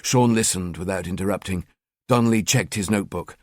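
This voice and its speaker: A man reading a crime novel aloud in a measured, plain manner. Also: low-pitched, no echo, studio quality. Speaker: audiobook narrator. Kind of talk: scripted narration.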